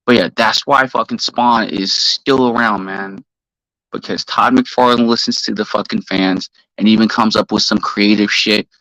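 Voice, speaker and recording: Profane, bright-voiced man ranting on stream. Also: fairly low pitch, fairly even intonation, moderate pace, no echo, low-quality recording. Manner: profane, heated ranting, shouts out chat viewers. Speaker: live stream host. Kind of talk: casual ranting live stream.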